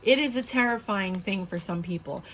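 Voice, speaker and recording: At a moderate pace and medium pitch, the tarot reader's slightly bright voice comes through with a little hiss or hum. She reads casually for her viewers, cursing freely, speaking bluntly and hammering her points home with indignation.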